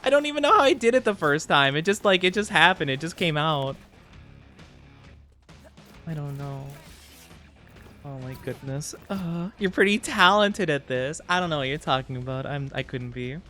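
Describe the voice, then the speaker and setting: A man streaming a game and chatting playfully with his viewers, rambling and giggling, with sudden high squeaks. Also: animated, normal speed, long pauses, pushed and bright, soft background music. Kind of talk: casual live-stream chat while gaming.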